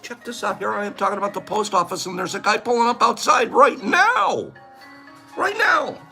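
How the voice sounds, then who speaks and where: A man's voice: sits high, brisk, gravelly, soft background music. An older man hosting a casual live-stream chat, telling stories and laughing often as he acts out the people in them. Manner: chatty, laughs often, tells stories with animated quoting. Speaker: vlog host.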